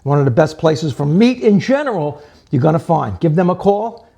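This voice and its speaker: A man's voice: on the high side, sing-song, normal speed, gravelly, dark tone. A man hosting a cooking show, talking viewers through a recipe in a chatty, joking way and calling them folks, with eager plugs for a sponsor. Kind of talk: casual cooking demonstration.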